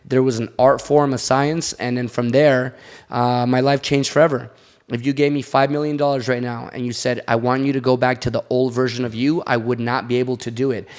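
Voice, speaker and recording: A man's voice: medium pitch, level tone, brisk, a little mellow. Man telling candid stories on a podcast. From Latin American background. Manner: candid storytelling. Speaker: podcast guest. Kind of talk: casual podcast chat.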